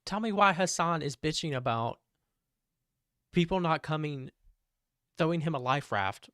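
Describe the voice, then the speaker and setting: A man's voice: fairly high pitch, lively intonation, measured pace, fairly bright tone, dry recording. Exasperated young man ranting, dry sound. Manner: exasperated, profane. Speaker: podcast commentator. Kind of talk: stream chat rant.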